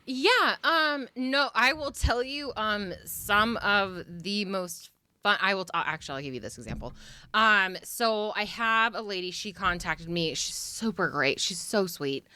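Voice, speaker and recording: A woman who works as a medium, chatting as a podcast guest and telling lively stories, acting out what spirits say. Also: medium pitch, a little slow, clean tone, no room sound. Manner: animated storyteller who acts out spirits' voices. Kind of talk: casual chat.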